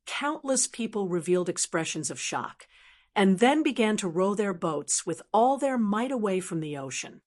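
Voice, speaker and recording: A woman narrating a fantasy audiobook in a steady, even storytelling manner. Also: mid-range voice. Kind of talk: scripted narration.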